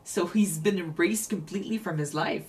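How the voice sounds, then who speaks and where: A woman's voice: fairly low pitch, normal speed, a little mellow. Woman co-host, casual reaction chat, reflective, restarts often. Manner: thoughtful, restarts sentences often.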